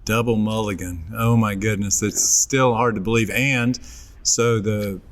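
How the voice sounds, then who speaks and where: A man's voice: lowish voice, fairly even intonation, measured pace. Man asking interview questions.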